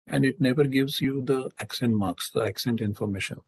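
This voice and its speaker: A man answering questions in a live online lecture, in a measured, explanatory way and using technical Sanskrit terms. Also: mid-range voice, slightly rough, poor audio.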